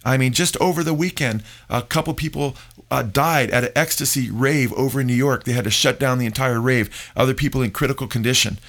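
A man's voice: mid-range voice, brisk, a bit bright. A middle-aged man, a pastor hosting a radio talk show, preaching emphatically and calling his listeners folks.

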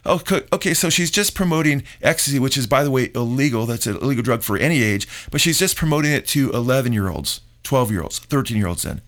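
A man's voice: medium pitch, lively intonation, fast, hardly any pauses, fairly bright tone. A middle-aged man, a pastor hosting a radio talk show, preaching emphatically and calling his listeners folks.

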